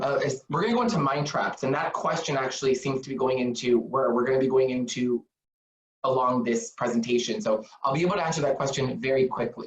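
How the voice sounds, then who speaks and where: A counselor giving a live webinar on mental health, speaking earnestly and encouragingly, with lots of rhetorical questions. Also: mid-range voice. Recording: echoey, distant, dull laptop audio.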